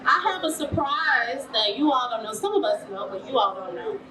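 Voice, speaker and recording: A woman's voice: a little high, lively intonation, moderate pace, a crowd in the background. A woman presenting an award at a ceremony, speaking in a heartfelt way. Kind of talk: ceremony speech. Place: event hall. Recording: echoey hall from far off.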